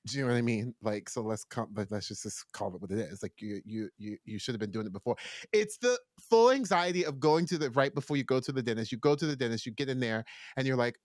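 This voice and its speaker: A man's voice: mid-range voice, lively intonation, quick pace, dry recording, clean studio sound. A young man co-hosting a podcast, chatting casually and playfully, slipping into sing-song bits and mock voices. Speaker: podcast co-host. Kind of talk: casual chat.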